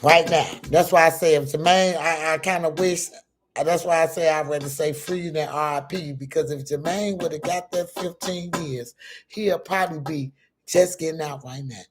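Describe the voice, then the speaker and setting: A woman's voice: deep voice, steady tone, normal speed, a little hiss or hum. A middle-aged woman telling a personal story to her viewers in an emphatic, profane, casual way, often calling out to them directly.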